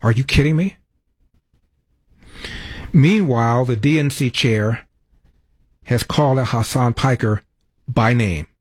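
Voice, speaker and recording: A man's voice: mid-range voice, slightly rough, no room sound. A man hosting a talk radio show, reading phone numbers and sponsor plugs and giving brash commentary. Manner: brash, self-promoting, quick ad reads.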